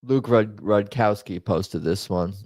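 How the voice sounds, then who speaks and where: A man's voice: on the low side, slow, a little mellow, no echo. A man hosting a casual live stream, chatting and rambling with many fillers and restarts. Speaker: stream host. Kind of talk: casual stream chat reacting to memes. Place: home.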